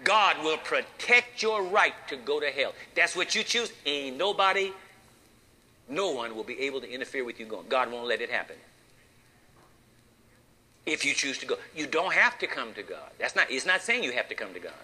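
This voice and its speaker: A man preaching a sermon, folksy and emphatic, with dramatic pauses and rhetorical questions. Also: mid-range voice, very animated, pushed and bright.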